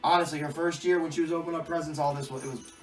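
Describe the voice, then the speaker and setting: A young adult man co-hosting a podcast in casual, crude, joking chat, often breaking into loud mock voices. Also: fairly high pitch, steady tone, racing. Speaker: podcast co-host. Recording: roomy echo, mic at a distance, faint music.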